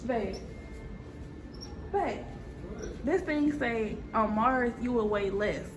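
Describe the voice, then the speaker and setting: Playful mom vlogging on a noisy phone. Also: female voice, on the high side, takes it slowly. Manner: playful, teasing, laughs often. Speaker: mother filming a family vlog. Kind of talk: casual chat to camera. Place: busy public attraction, walking around. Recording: noisy handheld phone audio.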